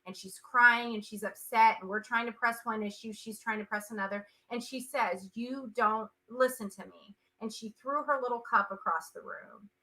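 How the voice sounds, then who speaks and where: Earnest bright-voiced woman on a call. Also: a little high, fairly even intonation, normal speed, hardly any pauses, low-quality recording. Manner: earnest, repeats words for emphasis. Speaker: interview guest, social entrepreneur. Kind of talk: emotional interview talk.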